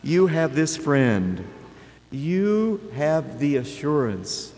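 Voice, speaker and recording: A man in his seventies preaches a sermon in a slightly high voice, taking his time and asking rhetorical questions. His words carry the long reverb of a church, and faint noise hums beneath them. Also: sing-song, a little mellow. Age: 70s. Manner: slow, deliberate, with rhetorical questions.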